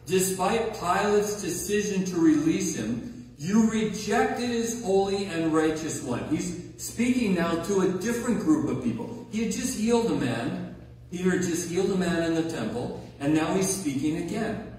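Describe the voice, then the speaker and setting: A man's voice: high-pitched, lively intonation, moderate pace, a little mellow. A male pastor preaching a conversational sermon, stressing key words and checking in with his listeners. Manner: conversational, emphatic, checks in with audience. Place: large hall or sanctuary. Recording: echoey hall recorded from far off.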